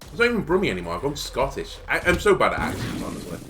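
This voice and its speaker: A man's voice: a little high, wildly swooping pitch, racing, over music. A young man telling a rambling story, full of fillers, while he comments on his game. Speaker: gaming video host. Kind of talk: casual commentary while playing.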